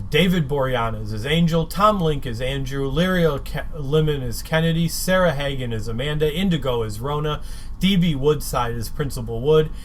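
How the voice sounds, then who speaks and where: A man co-hosting a podcast, reading episode credits in an unhurried way with hesitant fillers. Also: mid-range voice, fairly bright tone, a little hiss or hum. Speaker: podcast co-host.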